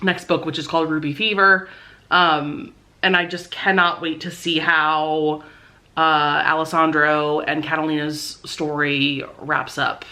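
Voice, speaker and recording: A young woman vlogging casually about a book she loves, gushing and excitable, swearing freely. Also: sits low. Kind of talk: casual reading vlog.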